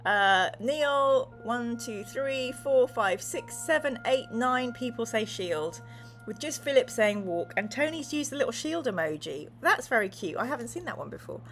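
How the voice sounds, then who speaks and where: A woman's voice: a little high, lively intonation, moderate pace, fairly bright tone, faint music behind. A woman hosting a livestream, reading viewers' chat messages aloud and narrating a gamebook in a bubbly, giggly way. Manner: giggly, laughs often, bubbly.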